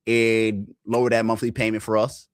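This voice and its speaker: A man co-hosting a sports podcast, telling stories in slangy, animated casual talk. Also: lowish voice, normal speed, smooth, no room sound, clean studio sound. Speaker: podcast co-host.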